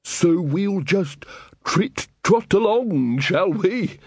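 A man's voice: sits high, lively intonation, extremely slow, darkish tone, husky, dry recording, voice pushed up, heavily acted. A man reading an audiobook, voicing a giddy, rambling male wizard bursar who babbles happily.

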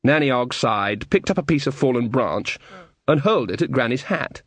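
Brief: male storyteller, measured and wry, animated reading, dry close recording. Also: medium pitch, breathy edge, no room sound. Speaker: audiobook narrator. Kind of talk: scripted narration.

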